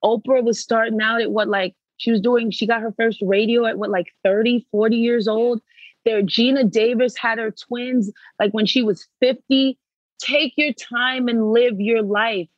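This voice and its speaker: A woman's voice: a little high, normal speed, dry recording. Emphatic woman, dry dull-sounding recording. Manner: animated, emphatic storytelling with repeated phrases. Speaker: podcast guest. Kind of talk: casual interview chat.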